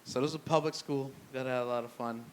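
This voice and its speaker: A man's voice: medium pitch, steady tone, very fast, slight background noise. A young man doing stand-up comedy at a live brewery show, telling loose, profane, self-deprecating stories with lots of restarts. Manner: loose, rambling delivery with restarts.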